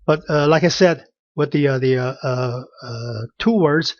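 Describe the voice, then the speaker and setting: Slow, halting man teaching tones. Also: mid-range voice. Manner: slow and halting, many fillers, repeats words to model pronunciation. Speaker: Chinese language teacher. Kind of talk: explaining a language lesson. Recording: dull lo-fi dry recording.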